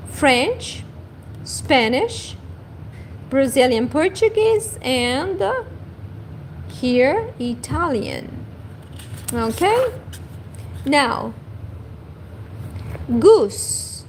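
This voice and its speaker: A woman teaching a livestream language lesson, saying each word slowly twice and correcting herself now and then. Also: high-pitched, big pitch swings, slight background noise.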